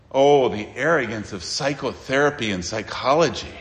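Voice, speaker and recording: A man preaching a sermon as pastor, emphatic, with dramatic pauses and sudden quiet asides. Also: medium pitch, animated, long reverb tail.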